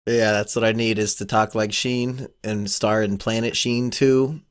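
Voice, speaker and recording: A man's voice: lowish voice, steady tone, measured pace, smooth. A man hosting a casual podcast chat, teasing his co-hosts with dry humor. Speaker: podcast host.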